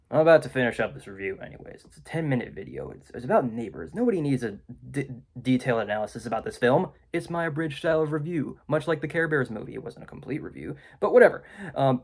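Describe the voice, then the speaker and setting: A man's voice: medium pitch, darkish tone. Rambling sarcastic guy reviewing a movie. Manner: sarcastic, filler-heavy with many ums. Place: indoors, room with a window.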